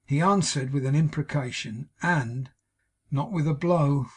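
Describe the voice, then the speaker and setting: A man narrating a classic novel as an audiobook in a measured, solemn reading. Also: on the high side, breathy edge.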